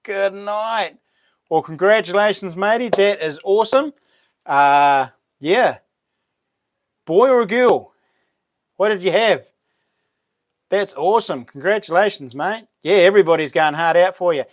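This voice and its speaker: A New Zealand man hosts a laid-back live stream, reading out viewers' messages and answering them. His voice sits a bit high for a man, and the sound is close and dry with no room echo. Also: a little slow, long pauses. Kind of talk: casual live stream chat.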